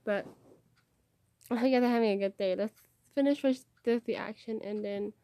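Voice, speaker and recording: Woman, slightly high voice, under the weather with a cough, rambling reaction-video chatter. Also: moderate pace, heavy background noise. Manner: rambling, chatty, easily excited. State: sick with a cough. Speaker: YouTuber reacting to music videos. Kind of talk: casual reaction commentary. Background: loud music from the video she watches.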